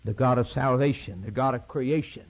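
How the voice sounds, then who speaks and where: A man preaching a sermon, impassioned and rhythmic, swinging from loud high peaks down to low, quiet lines. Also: normal speed. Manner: impassioned, rising to shouted peaks then dropping low; repetitive, rhythmic preaching cadence. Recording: dull lo-fi sermon tape.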